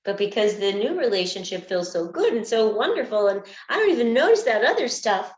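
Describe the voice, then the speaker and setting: A woman's voice: on the high side, big pitch swings, brisk. Woman, earnest coaching talk, roomy echo, muffled lo-fi sound. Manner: earnest, acts out examples in small voices. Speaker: anxiety coach. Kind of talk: teaching talk on breakup recovery. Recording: echoey room, dull lo-fi sound.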